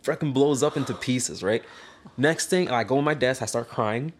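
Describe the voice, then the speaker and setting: A young man in a casual chat, telling an animated, slangy story and acting out the lines of people in it. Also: mid-range voice, normal speed, a little hiss or hum.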